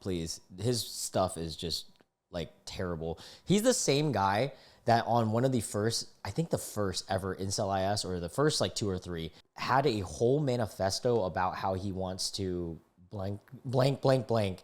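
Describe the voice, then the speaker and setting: Young male commentator, twenties, lowish voice, lively and exasperated, reads posts and reacts. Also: normal speed. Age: 20s. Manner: exasperated, disgusted outbursts between readings. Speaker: online commentator.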